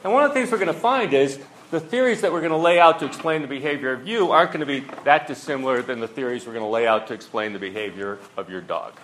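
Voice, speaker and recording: A man's voice: mid-range voice, fast talker, hardly any pauses, a bit bright, a little hiss or hum, poor audio. Casual male economics lecturer. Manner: informal, conversational, with frequent fillers and rhetorical questions. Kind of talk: classroom lecture.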